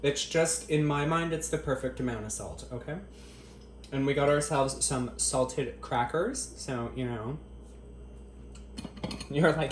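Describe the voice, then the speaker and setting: A man's voice: medium pitch, takes it slowly, long pauses, a little hiss or hum. Profane man tasting food in an echoey kitchen. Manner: crude, profane, joking straight to camera; tasting food between lines with appreciative murmurs. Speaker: cooking vlogger. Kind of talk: casual kitchen vlog. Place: home kitchen.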